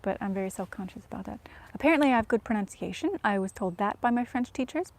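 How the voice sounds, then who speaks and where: A woman vlogger chatting casually to viewers, soft-spoken and often dropping to a whisper, self-deprecating. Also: medium pitch, expressive, fast talker.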